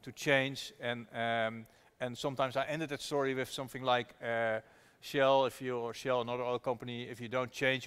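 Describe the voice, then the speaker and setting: A man tells a story as a guest at a live discussion. His voice sits at an ordinary middle pitch. He talks earnestly and animatedly, often restarting his sentences. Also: fairly even intonation, moderate pace, hardly any pauses, a bit bright, clear, resonant tone. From Netherlands. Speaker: activist investor guest. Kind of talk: storytelling conversation at a public talk.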